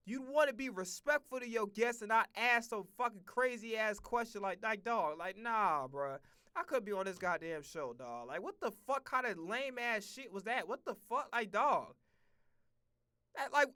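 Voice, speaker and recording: A man streaming, talking in a casual, profane, animated rant full of restarts and repeated words. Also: extremely high pitch, clear, resonant tone, no echo, studio quality.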